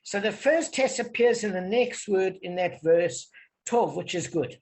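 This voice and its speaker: A man's voice: sits high, animated, unhurried, darkish tone. A man from Africa, leading an online Talmud study group and explaining patiently, often checking that everyone follows. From South Africa.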